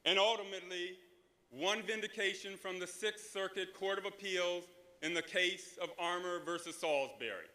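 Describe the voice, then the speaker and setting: A man, a law professor, delivering a formal prepared introduction in an auditorium with slow, measured phrasing. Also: high voice, sharp tone. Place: large auditorium. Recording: long reverb of a large hall.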